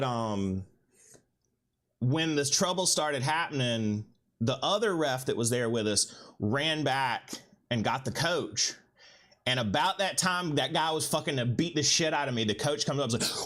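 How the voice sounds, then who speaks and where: Animated man telling a story. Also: a little high. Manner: profane, animated anecdote-telling with quoted voices. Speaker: livestream host. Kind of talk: casual storytelling.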